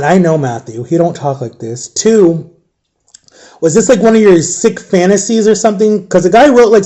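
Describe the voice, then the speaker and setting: A young man telling his own painful story, halting and repeating himself, close to tears at times. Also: high voice, mellow. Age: young adult. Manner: halting, repeats himself, acts out quoted voices. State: emotional, near tears. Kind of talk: personal storytelling.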